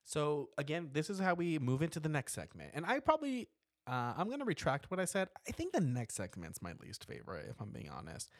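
A man recaps a horror film in loose, chatty podcast talk, full of "um" and "like" and quick laughs. His pitch swings widely as he tells it, and the sound is dry and close. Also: no echo. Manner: animated storytelling with frequent laughs and fillers. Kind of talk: casual chat.

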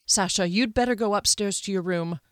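A woman's voice: medium pitch, brisk, no room sound, studio quality, close to an everyday voice. A woman voicing a young male captain giving urgent commands in a fantasy audiobook.

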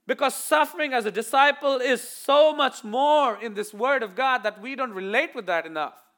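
High, bright-voiced preacher man. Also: normal speed. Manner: animated preaching, acting out quoted voices with swings from loud to hushed. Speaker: pastor. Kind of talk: sermon.

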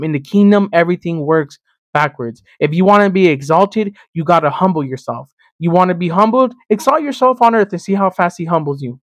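A man from Miami hosting a sermon-style podcast, teaching in an emphatic, animated way and speaking straight to the listener. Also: high voice, no room sound. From Miami, Florida. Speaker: podcast host and preacher.

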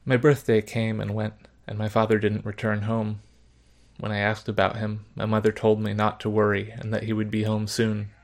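A man narrating a story in the first person, measured, subdued and reflective. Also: lowish voice, completely flat delivery, gravelly.

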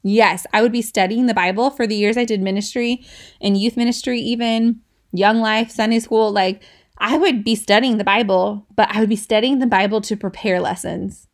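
A woman's voice: medium pitch, steady tone, normal speed. A woman in her thirties hosting a casual devotional podcast, chatty and laughing often, checking in with listeners as she teaches. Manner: chatty, asks listeners "right?", laughs between points. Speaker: podcast host.

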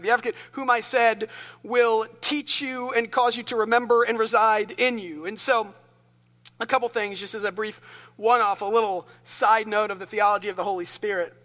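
A man preaching a sermon as pastor, telling self-mocking stories with animated asides. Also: high voice. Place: church sanctuary. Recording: church hall reverb.

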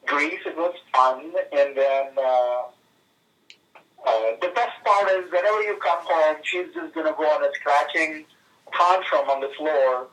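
A man in his thirties calling in to chat with friends, halting and full of fillers and restarts. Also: fairly high pitch, a bit bright. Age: 30s. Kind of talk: casual phone conversation. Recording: tinny speakerphone from a distance.

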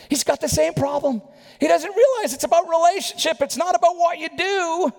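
A man preaching a sermon with animated storytelling, rhetorical questions and quick asides. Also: very high voice, creaky, long reverb tail.

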